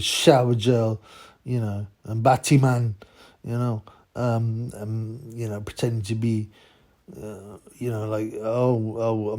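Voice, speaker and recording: A man's voice: medium pitch, dark tone. A man hosting a boxing channel, giving a rambling, mocking rant full of fillers. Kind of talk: ranting commentary.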